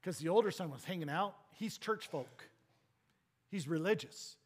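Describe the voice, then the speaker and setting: A man preaching a sermon as pastor, swinging between emphatic exhortation and low, quiet points. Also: expressive, normal speed, slightly rough.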